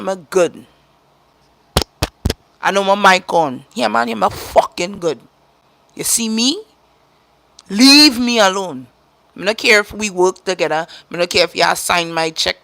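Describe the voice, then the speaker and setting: A woman's voice: mid-range voice, a little slow, vocal fry, pauses often, a bit bright. A woman from Trinidad with a Trinidadian accent, a caregiver talking bluntly and profanely on a casual livestream, repeating her points for emphasis.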